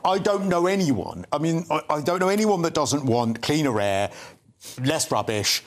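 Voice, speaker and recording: A British man hosting a studio news debate, lively and quick to interrupt, teasing his co-host. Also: fairly high pitch. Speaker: news channel presenter.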